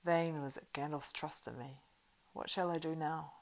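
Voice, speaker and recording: A woman reads a story aloud, voicing the group's grave, weary male leader in a low, steady tone. He speaks in solemn, measured, old-fashioned phrases, and the mood is grieving.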